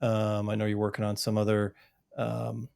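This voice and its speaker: A male podcast host who asks rambling questions in a relaxed way and answers with brief reactions. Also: lowish voice, moderate pace, creaky, clean tone. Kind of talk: casual interview.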